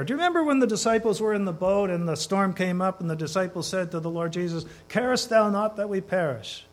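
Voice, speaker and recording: A man's voice: high-pitched, fast talker, hardly any pauses. A man preaching as a guest in a church, talking conversationally and asking the congregation questions as he goes. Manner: conversational, asks the congregation questions, varies pace for emphasis. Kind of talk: sermon. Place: church sanctuary.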